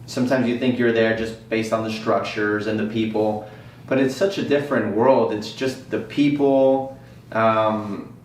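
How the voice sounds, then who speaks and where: A man's voice: lowish voice, unhurried, far from the mic, a little hiss or hum. Easygoing man heard off-mic in an echoey room. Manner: relaxed, easygoing, trailing off. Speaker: service technician. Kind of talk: casual interview chat.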